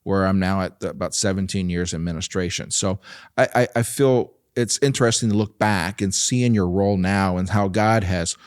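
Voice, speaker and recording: Man, lower voice, dry close sound. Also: fairly quick, smooth, no room sound. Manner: warm storytelling with frequent laughs and fillers. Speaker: nonprofit president and guest. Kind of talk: relaxed conversational interview.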